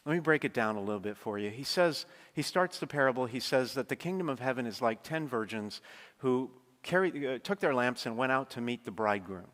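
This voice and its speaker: A man's voice: medium pitch, lively intonation, a little fast, fairly bright tone. Man preaching in a reverberant church. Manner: conversational preaching, emphatic, speeds up when stressing points. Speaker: priest. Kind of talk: sermon.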